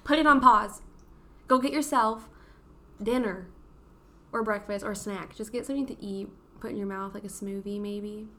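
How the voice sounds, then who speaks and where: A woman's voice: medium pitch, fairly even intonation, normal speed, bright, forceful tone, a little hiss or hum. A young woman co-hosting a casual podcast from home at a dinner table, playful, giggly and teasing. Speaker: podcast co-host. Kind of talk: casual chat.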